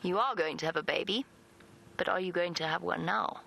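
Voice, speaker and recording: A woman's voice: fairly low pitch, fairly quick, vocal fry. Chatty woman safari guide outdoors. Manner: chatty, playful, coos softly at animals. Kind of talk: live wildlife commentary. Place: open safari vehicle outdoors in the bush. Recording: outdoor vehicle and wind noise.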